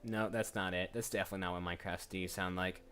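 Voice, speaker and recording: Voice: low-pitched, fairly even intonation, fast, a bit bright, soft background music. A voice actor chatting casually while browsing job listings, rambling and often cutting themself off. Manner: chatty, rambling, self-interrupting. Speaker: voice actor streaming job applications. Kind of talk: casual chat.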